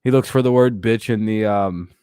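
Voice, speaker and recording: A man's voice: lowish voice, normal speed, dark tone, clear, resonant tone, dry recording, studio quality. Rambling, profane man chatting sports. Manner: frequent fillers and restarts. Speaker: host. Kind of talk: casual sports talk stream.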